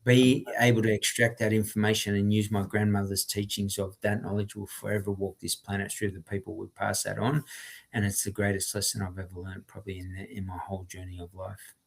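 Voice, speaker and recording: A man, a podcast guest, talking in an animated, emphatic, motivational way and often restarting his sentences. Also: lowish voice, a little fast, vocal fry. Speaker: podcast guest, former criminal turned entrepreneur.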